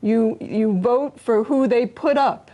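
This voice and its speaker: A woman's voice: a little high, takes it slowly, mellow. A woman, a guest in an interview, giving earnest answers and sometimes restarting her phrases.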